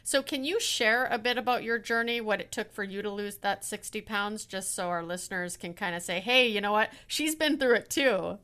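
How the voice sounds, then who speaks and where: Brief: woman podcast host, bright and tense voice, encouraging and chatty. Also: medium pitch, normal speed, few pauses, clean tone. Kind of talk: conversational podcast interview.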